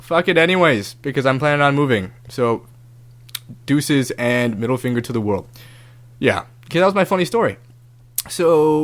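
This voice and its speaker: A man hosting his own show, telling a story in a casual, animated monologue, swearing freely and acting out other people's lines in raised voices. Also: medium pitch, normal speed, pauses often. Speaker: podcast host.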